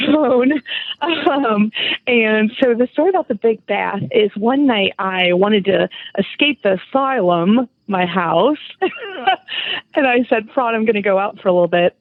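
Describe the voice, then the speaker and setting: A woman's voice: mid-range voice, no room sound. A woman rambling through a silly comic story as a caller, giggling as she goes, over a phone line. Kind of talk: improvised comic phone call. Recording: tinny phone-line sound.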